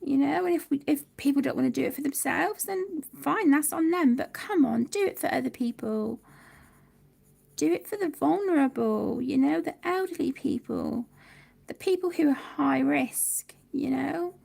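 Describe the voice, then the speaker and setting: A woman's voice: sits high, normal speed, gravelly, darkish tone. A woman in her thirties hosting a casual colouring livestream, chatting and reading viewer comments aloud.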